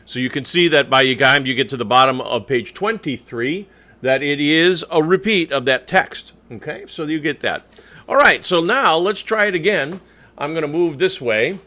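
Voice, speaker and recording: Bright-voiced man coaching a choir. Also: mid-range voice, animated, moderate pace. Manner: clear, patient spoken instruction, careful diction. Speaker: choir conductor. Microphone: new microphone.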